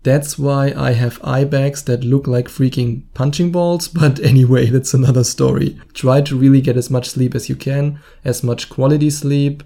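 German-accented man with a gravelly voice. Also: medium pitch, steady tone, normal speed, few pauses, mellow. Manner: self-mocking, blunt, joking asides. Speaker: dating coach podcast host. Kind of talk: casual advice monologue.

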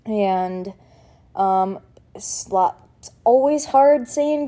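Young woman rambling to her vlog camera, soft mellow voice, lots of likes and ums, sentimental. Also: mid-range voice, animated, drawn-out words, pauses often. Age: young adult. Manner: chatty and sentimental, full of fillers. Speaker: vlogger. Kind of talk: casual chat.

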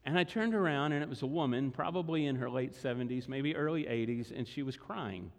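This pastor's voice is medium-pitched, brisk, and gravelly. He preaches and tells a story conversationally to his congregation in a large church hall, captured with long hall reverb.

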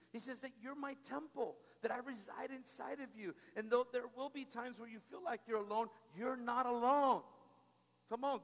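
A man's voice: high voice, gravelly. A man preaching a sermon as pastor, exhorting the congregation with call-and-response. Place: church sanctuary. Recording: long reverb of a large hall.

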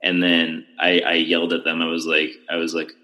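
Fast-talking low-voiced young man. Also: monotone, sharp tone, poor audio. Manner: rambling storyteller with many restarts and fillers. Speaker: podcast host. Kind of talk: casual chat.

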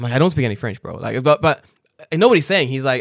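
A man from England chatting casually, telling animated stories full of swearing. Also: medium pitch, fast talker, vocal fry, no room sound, studio quality. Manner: swearing, animated storytelling with laughs. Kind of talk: casual chat. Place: living in Japan.

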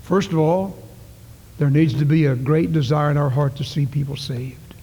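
Earnest preacher guy, mellow kinda high voice, big echoey church. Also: normal speed, breathy edge. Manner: earnest storytelling, rising to calls then dropping to near whispers. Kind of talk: sermon. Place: church sanctuary. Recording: long church reverb.

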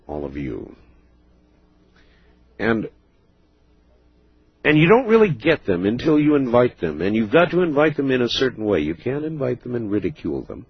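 Low husky-voiced radio host. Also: male voice, no echo. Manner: measured, takes calls. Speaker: radio talk show host. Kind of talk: late-night call-in radio. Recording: muffled radio broadcast.

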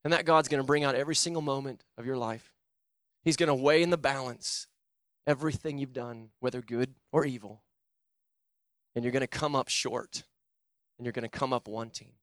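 A young man preaching a sermon and telling his own conversion story, swinging between loud urgent pleading and low, quiet intensity. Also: steady tone, brisk, long pauses, no echo, clean studio sound. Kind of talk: sermon with personal testimony.

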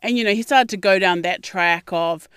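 A young adult woman, hosting a podcast and telling a personal story in a candid, expressive way, swearing freely and acting out quotes. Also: mid-range voice, normal speed, clean tone, no echo, clean studio sound. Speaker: podcast host. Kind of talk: casual storytelling monologue.

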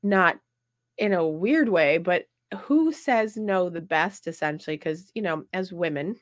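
A woman hosts a casual chat show with a fairly low voice for a woman. She tells stories in a lively, chatty way. The sound is dry and close, with no room in it. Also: measured pace, no echo. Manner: chatty, animated storytelling with frequent laughs. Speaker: podcast host.

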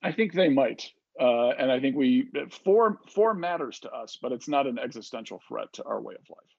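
A man giving measured policy commentary as a panel guest, weighing each condition with care. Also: medium pitch, lively intonation, vocal fry, breathy edge, no echo. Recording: dull, dry sound.

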